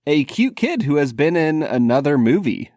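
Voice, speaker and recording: A man's voice: fairly high pitch, very animated, moderate pace, darkish tone, dry recording, studio quality. A man in his thirties co-hosting a podcast, talking about a film in a laid-back, joking way. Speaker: podcast co-host. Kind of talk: casual movie discussion.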